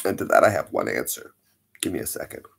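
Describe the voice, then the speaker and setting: Animated, chatty man live-streaming. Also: very deep voice, fast, creaky, breathy edge. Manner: chatty, animated, playful asides to viewers. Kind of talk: casual live-stream chat.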